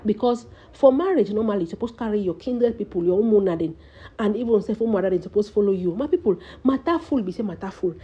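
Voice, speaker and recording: A woman's voice: medium pitch, animated, fast talker, husky, muffled recording. A woman with a Nigerian Pidgin English accent giving dramatic gossip commentary and calling out often to her listeners. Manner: dramatic storytelling, repeatedly calling out to her audience. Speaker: celebrity gossip vlogger.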